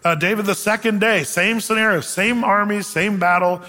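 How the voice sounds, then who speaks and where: A man's voice: sits high, fairly even intonation, moderate pace, sharp tone, long reverb tail. A male pastor preaching a sermon, explaining scripture in a casual, conversational way with everyday asides.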